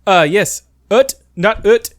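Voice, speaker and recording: A man's voice: sits high, lively intonation, slow, no echo, clean studio sound, pitched above the performer's own voice. A man voicing an irritated French pharmacist who clips and mangles his English words, in a casual podcast chat. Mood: exasperated.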